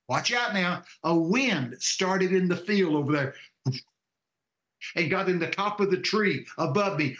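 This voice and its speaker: An older man from Texas with a Texan accent, telling a personal story on a call-in show, animated and acting out voices with many fillers. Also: high-pitched, measured pace, echoey room. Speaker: show co-host.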